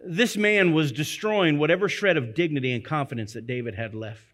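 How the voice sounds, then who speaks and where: A man preaches a sermon in a high, bright voice. He speaks earnestly and emphatically, doubling back on phrases to drive his point home. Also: a little fast. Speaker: pastor.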